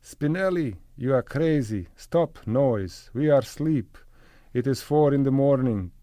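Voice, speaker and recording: A man voicing a furious middle-aged father who shouts in halting, broken English. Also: mid-range voice, animated, no echo, studio quality, pitched above the performer's own voice, natural voice. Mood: angry.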